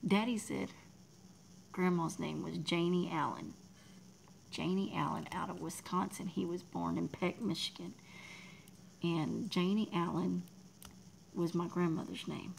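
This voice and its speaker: A woman's voice: lowish voice, steady tone, unhurried, vocal fry, long pauses, a little hiss or hum, low-quality recording. A Texan woman from Texas chatting casually with her livestream viewers, rambling, reading the chat aloud and laughing often. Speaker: livestream artist.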